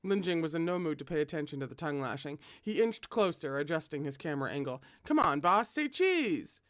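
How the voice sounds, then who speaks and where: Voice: mid-range voice, fast talker, no echo, studio quality. A fan reader reading a novel aloud, with chatty asides to viewers. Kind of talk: casual read-aloud of a novel.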